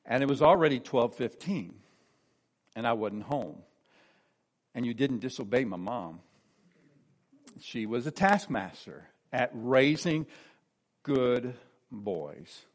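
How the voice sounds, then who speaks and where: A man in his sixties giving an earnest personal testimony as a preacher. He tells the story warmly and drops soft and low whenever he quotes someone. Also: animated, slow pace, pauses often.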